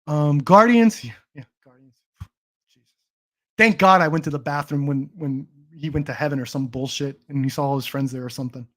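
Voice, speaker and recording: A young man talks on his livestream in a slightly high voice. He rambles, restarts his sentences and swears as he chats casually about movies. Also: fairly quick, a bit bright. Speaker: stream host.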